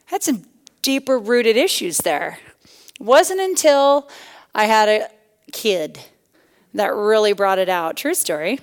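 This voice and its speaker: A middle-aged woman giving a personal testimony sermon to a women's church gathering, animated and punchy, swinging between loud bursts and hushed asides. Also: medium pitch, takes it slowly, long pauses. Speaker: guest speaker at a women's church tea.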